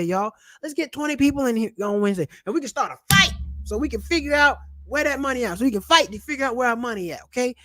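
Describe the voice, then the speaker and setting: A high, bright-voiced man rants loudly and playfully to his camera, tossing out money tips with slang and jokes. His voice is forceful and sharp. The recording is dry and close, with no room echo. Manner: loud, animated, slangy and joking. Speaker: channel host and comedian. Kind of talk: casual personal finance vlog rant. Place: at home, seated in a chair. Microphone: camera mic.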